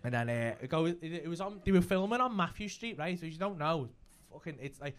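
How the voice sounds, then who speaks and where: A young adult man with a Liverpool accent, telling a comedy story in casual chat, animated and sweary, laughing often. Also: on the high side, fairly quick. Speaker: stand-up comedian.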